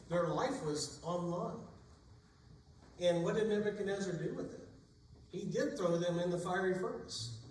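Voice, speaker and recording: A man with a fairly high voice delivers a sermon, retelling old stories in plain, everyday words. He sounds set back from the microphone in a very echoey church sanctuary, with a faint hum of room ambience behind him. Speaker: preacher. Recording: echoey room, distant mic.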